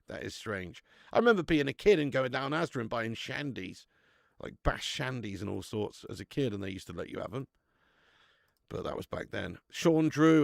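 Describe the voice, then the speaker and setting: A man's voice: mid-range voice, gravelly, no room sound, clean studio sound. A man, hosting a casual live stream and bantering with viewers in a chatty, matey way, laughing often.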